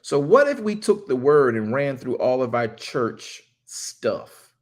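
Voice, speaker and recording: A male preacher delivers a sermon in an easy, colloquial way, teasing and bantering with the people in front of him. When he reads scripture he slows right down and leans hard on each phrase, often repeating it. His voice sits at an ordinary middle pitch. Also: big pitch swings. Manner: playful, teasing banter with the congregation; reads scripture slowly and emphatically, repeating lines. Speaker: preacher addressing a congregation.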